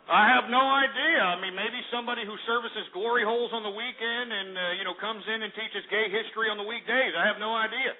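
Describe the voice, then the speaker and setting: Abrasive shock-jock radio host, tinny. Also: male voice, sits high, fairly even intonation, fast, hardly any pauses. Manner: abrasive, yelling insults at callers. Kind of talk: shock-jock call-in rant. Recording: tinny phone-quality audio.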